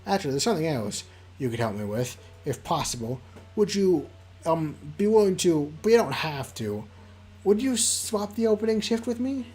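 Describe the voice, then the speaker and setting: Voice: medium pitch, sing-song, normal speed, darkish tone, natural voice. A streamer voicing a kind, hesitant young woman who works at a café, read aloud from a visual novel over faint game music. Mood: gentle.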